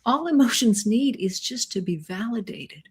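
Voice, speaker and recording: Woman co-host, husky tone, earnest explainer who acts out quotes. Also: fairly high pitch, animated, moderate pace, a little mellow. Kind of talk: casual conversation about emotions.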